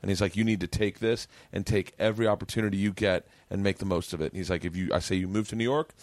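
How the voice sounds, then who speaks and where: A man's voice: deep voice, fast, no room sound. A middle-aged man hosting a podcast, telling stories in casual chat and acting out the people in them. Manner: animated, acts out quoted people in his stories. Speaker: podcast host.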